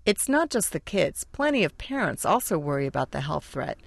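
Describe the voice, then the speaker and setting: Low-voiced woman radio reporter. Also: big pitch swings, a little fast, vocal fry, a crowd in the background. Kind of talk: scripted news narration.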